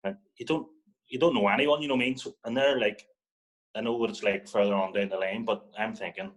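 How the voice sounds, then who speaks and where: Low-voiced and fast, a young football guest from Northern Ireland tells a story in casual conversation, swearing and animatedly acting out what others said. The audio quality is poor.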